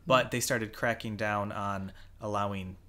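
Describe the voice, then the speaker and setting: Bright-voiced casual podcast guy. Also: lowish voice, steady tone, measured pace. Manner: laid-back, swears casually, laughs often. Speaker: podcast co-host. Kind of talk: casual chat.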